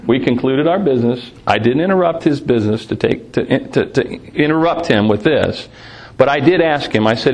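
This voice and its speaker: A man preaching, telling lively personal anecdotes about sharing his faith, laughing often and restarting phrases. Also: mid-range voice, creaky, rough recording. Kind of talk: sermon storytelling.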